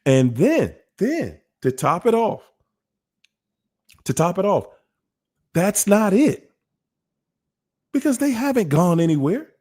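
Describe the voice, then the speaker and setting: A man's voice: high voice, very animated, slow pace, long pauses, a little mellow. A man, hosting a casual monologue about relationships in an emphatic, repetitive, preachy way. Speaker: host.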